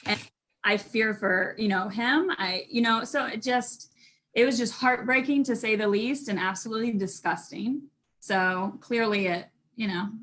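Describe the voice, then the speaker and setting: A woman guest giving a candid personal account, emotional and halting with many restarts. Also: on the high side, fairly bright tone.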